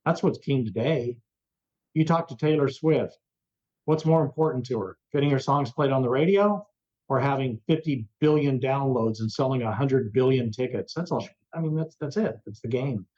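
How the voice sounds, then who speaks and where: Brief: male rock radio veteran as interview guest, animated storyteller who voices the people he quotes, mid-pitched, slightly muffled remote audio. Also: moderate pace. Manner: lively, acts out quoted voices. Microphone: remote interview over the internet.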